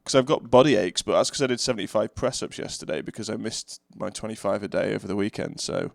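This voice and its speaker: A man hosting a casual podcast, a bit sick with a deeper voice than usual, rambling and reading headlines aloud. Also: quick pace, gravelly, no echo, studio quality. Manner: rambling, laughs often, reads headlines aloud. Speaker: podcast host.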